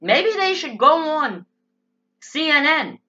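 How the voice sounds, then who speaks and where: A woman's voice: sits high, big pitch swings, slow, sharp tone. A woman giving a blunt, sarcastic, profane political monologue. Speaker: political commentator. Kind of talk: opinionated monologue. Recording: dull lo-fi sound.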